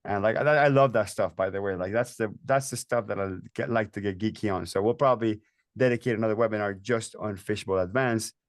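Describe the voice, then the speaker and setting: A man's voice: lowish voice, a little fast, dry recording. Dry-sounding enthusiastic male host. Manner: enthusiastic, talks in bursts with many restarts and fillers. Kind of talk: webinar interview.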